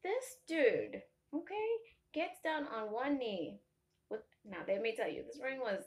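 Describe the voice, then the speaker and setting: A young woman from Africa, chatting casually to camera and telling animated stories full of tangents and laughter. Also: on the high side, unhurried. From South Africa. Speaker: vlogger.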